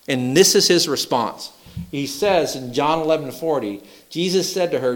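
A man's voice: a little high, expressive, moderate pace. A man preaching a folksy sermon, asking the congregation questions and acting out the voices he quotes. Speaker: pastor.

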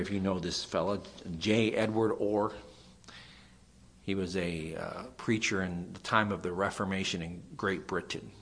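A man preaching a sermon, earnest, swinging between raised emphasis and quiet asides. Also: low voice.

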